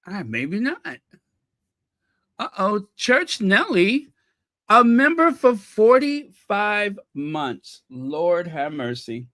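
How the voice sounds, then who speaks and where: A man's voice: high voice, very animated, very slow, fairly bright tone, no echo, studio quality. A man hosting a casual livestream, greeting viewers by name from the chat with playful, mock-posh asides. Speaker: channel host greeting live chat.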